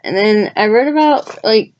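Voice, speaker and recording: A woman's voice: medium pitch, expressive, moderate pace, darkish tone, dull audio. A woman vlogger chatting casually and with enthusiasm as she flips through her journal, adding asides to her viewers. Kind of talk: casual rambling chat.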